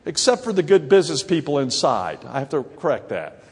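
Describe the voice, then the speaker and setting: A man's voice: fairly high pitch, expressive, brisk, husky. A middle-aged man with a Southern US accent, a mayor giving a folksy, joking conference speech. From grew up in Ohio and North Carolina. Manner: folksy, joking, gets louder and more emphatic. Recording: long hall reverb.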